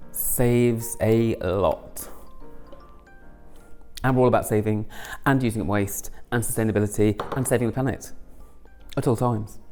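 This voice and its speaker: A man chatting casually through a home cooking video, rambling with self-mocking asides. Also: lowish voice. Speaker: home cook and channel host. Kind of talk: casual cooking vlog chat.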